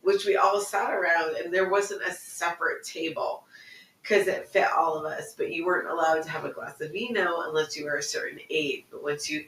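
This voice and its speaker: A woman's voice: on the low side, normal speed, a bit bright, far from the mic. A woman co-hosting a casual podcast, telling a family story in a chatty way and laughing easily. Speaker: podcast co-host. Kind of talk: casual conversation. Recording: echoey, off-mic, faint background noise.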